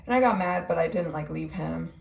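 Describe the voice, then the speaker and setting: A young woman tells her own story in a loose, rambling way, leaning on "like" and "um". Her voice is on the low side with a gravelly edge. She sounds distant, in an echoey room with faint ambient noise. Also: fairly quick. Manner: rambling, heavy use of "like" and "um". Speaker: vlogger. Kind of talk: personal testimony.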